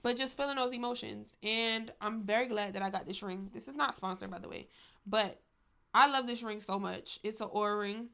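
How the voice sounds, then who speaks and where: A young woman speaks straight to her viewers in a casual, confessional vlog. She talks candidly and with emphasis, leaning on "y'all" and "like" as she goes, in a voice of middling pitch. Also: moderate pace, gravelly, fairly bright tone. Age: young adult. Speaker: vlogger.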